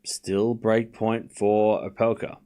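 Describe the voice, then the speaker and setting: A man hosting a live stream, calling tennis points with excitable play-by-play and chatting casually with his viewers. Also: lowish voice, takes it slowly, clear, resonant tone. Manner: excitable play-by-play mixed with laid-back banter to chat. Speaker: stream host doing live tennis commentary.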